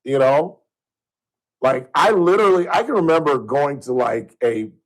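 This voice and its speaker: A man's voice: on the high side, a little slow, poor audio. A man hosting a talk radio show, rambling casually and chuckling at his own jokes into a studio microphone.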